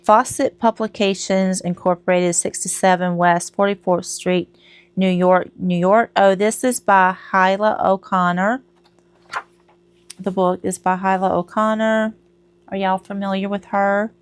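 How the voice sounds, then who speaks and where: Woman, middle-aged, unhurried, rambling, casual vlog chat from home. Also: mid-range voice, fairly even intonation, clear, resonant tone. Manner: chatty, rambling, laughs at herself. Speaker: crochet vlogger.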